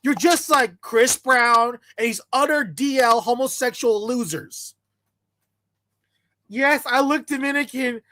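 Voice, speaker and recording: A woman rants in a blunt, mocking commentary, her voice bright and sharp-edged. The sound is close and dry, with no room around it. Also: on the high side, slow pace, dry recording. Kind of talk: ranting commentary.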